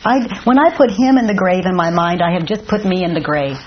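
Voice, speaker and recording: A woman leading a guided self-inquiry dialogue, speaking calmly and deliberately, posing questions. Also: fairly low pitch. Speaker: workshop facilitator. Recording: dull lo-fi sound with faint noise.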